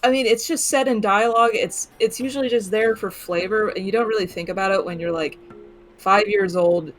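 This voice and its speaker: A woman's voice: medium pitch, fairly quick, faint music behind. A woman guest chatting casually on a game stream, rambling and swearing freely. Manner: rambling, profane, laughs easily. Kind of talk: casual chat.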